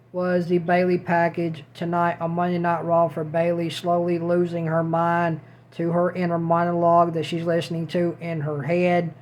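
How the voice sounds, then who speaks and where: A man's voice: fairly high pitch, darkish tone, slight background noise. A man giving a casual spoken recap as a show reviewer, repeating himself and circling back over the same points. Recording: dull lo-fi audio.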